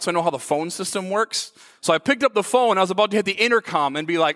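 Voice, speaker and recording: A man in his thirties preaching a sermon, telling stories with lively, acted-out shouts. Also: high-pitched, rapid-fire, few pauses. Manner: animated storytelling, acts out his own shouts. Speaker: pastor. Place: church hall. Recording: long hall reverb.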